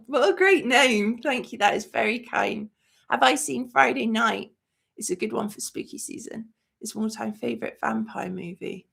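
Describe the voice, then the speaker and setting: Gushing woman with vocal fry. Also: fairly high pitch, normal speed, fairly bright tone. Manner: emotional, gushing, rambling with many fillers. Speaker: host of a movie review channel. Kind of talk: live-stream chat.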